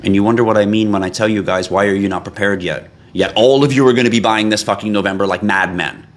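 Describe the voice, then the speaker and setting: A man from Canada hosting a crypto livestream, chatting casually with viewers and reading their comments in a profane, teasing, animated way. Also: on the low side, quick pace.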